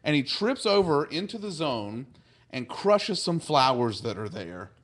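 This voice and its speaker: A man's voice: fairly high pitch, sing-song, a little slow. A man in a casual podcast chat who retells a TV episode in a loose, rambling way, chuckling and filling gaps with "like" and "you know.". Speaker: podcast co-host.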